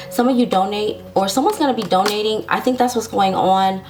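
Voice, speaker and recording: A woman's voice: medium pitch, brisk, hardly any pauses, darkish tone, slight background noise. A woman giving a casual tarot love reading to her viewers, sassy and chatty, laughing often and talking straight to them. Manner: speaks directly to viewers, reassuring. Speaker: tarot reader.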